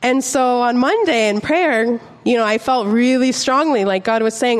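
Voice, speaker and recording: A young woman giving an earnest, chatty sermon, reading scripture slowly and telling a personal story. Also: a little high, big-room sound. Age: young adult. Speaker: preacher.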